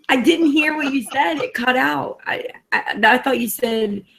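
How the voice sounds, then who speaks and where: Woman, gravelly fry throughout, blunt rambling chatter, swears a lot, casual call. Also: high voice, unhurried, fairly bright tone. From Massachusetts. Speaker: chat participant. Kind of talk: casual late-night group chat.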